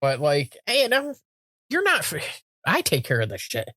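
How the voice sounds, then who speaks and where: A woman's voice: low voice, moderate pace, no room sound, studio quality. A middle-aged woman co-hosting a podcast, telling stories in casual chat, acting out quotes with frequent swearing. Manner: animated storytelling with acted-out quotes, frequent swearing. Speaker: podcast co-host.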